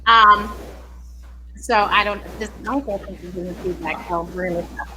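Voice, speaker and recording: A woman hosting an interview show, chatting in a relaxed, talkative way. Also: medium pitch, moderate pace, a little hiss or hum, low-quality recording. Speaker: host. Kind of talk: casual interview chat.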